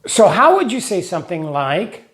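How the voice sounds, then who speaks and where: Male teacher, high register, patient lesson narration built on examples and rhymes. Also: very animated, fairly bright tone. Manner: explains slowly with examples and rhymes. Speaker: English teacher for Russian speakers.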